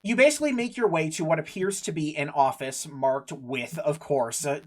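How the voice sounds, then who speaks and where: A man's voice: on the high side, moderate pace, a little mellow. Rambling man running a tabletop game. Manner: rambling, laughs at himself, loses track. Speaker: game master. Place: home recording for a livestream.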